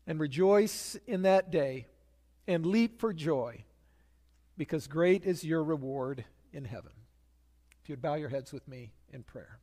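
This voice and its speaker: A man preaching a sermon as pastor, measured and emphatic, leading prayer and telling stories. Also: fairly high pitch, animated, big-room sound.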